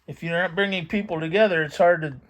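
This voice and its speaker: A man's voice: high-pitched, fairly even intonation, fast, fairly bright tone. A middle-aged man hosting his own channel, chatting casually and reminiscing as he pages through an old magazine, rambling and thinking aloud. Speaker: vintage magazine collector channel host. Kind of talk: casual commentary while reading a magazine aloud.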